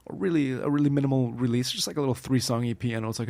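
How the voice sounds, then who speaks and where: A man's voice: medium pitch, racing, a little mellow, dry recording. A man chatting casually as a guest on a podcast, rambling through his thoughts with constant fillers and restarts. His voice sits in a middle register and sounds dry and close, with almost no room around it. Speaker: podcast guest, music producer. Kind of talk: casual chat.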